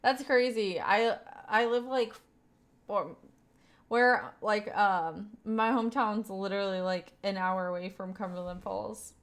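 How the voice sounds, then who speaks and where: A woman's voice: mid-range voice, unhurried. A young woman from Kentucky with a light Southern accent, chatting casually with her stream viewers and rambling with lots of fillers and laughs. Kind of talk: casual live-stream chat reading viewer messages.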